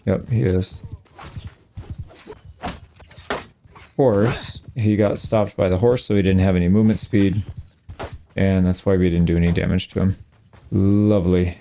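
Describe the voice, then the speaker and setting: A man's voice: low-pitched, steady tone, normal speed, pauses often, dark tone, a little hiss or hum. A man giving casual, chatty commentary while playing a strategy game, reacting to the action as it happens. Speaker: gaming channel host.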